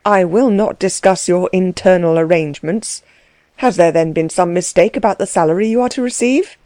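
A woman voicing a composed aristocratic landowner, speaking in a measured, coolly condescending way. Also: fairly low pitch, dark tone, no echo, natural voice. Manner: cool, measured, dry.

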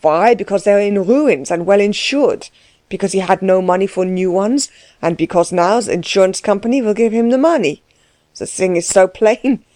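A woman's voice: medium pitch, moderate pace, dark tone, no echo, lightly acted. Woman voicing Dellwig, a curt, bullying man. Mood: menacing. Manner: curt, pushy questioning. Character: gruff, overbearing middle-aged man, blunt and menacing.

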